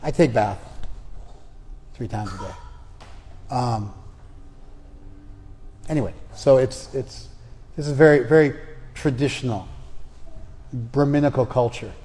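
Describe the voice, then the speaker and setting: A man gives a spiritual class and tells a traditional story at an easy, conversational pace. He slips in personal asides. His mid-pitched voice rings with the long reverb of a hall. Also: slow, pauses often, warm tone, a little hiss or hum. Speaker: spiritual teacher giving a class. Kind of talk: storytelling lecture.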